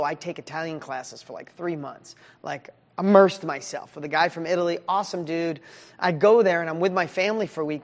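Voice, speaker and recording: A man in his fifties giving a live motivational training as a business coach, talking in a casual, animated way. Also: high-pitched, big-room sound. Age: 50s. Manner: energetic, animated, casual with frequent "like".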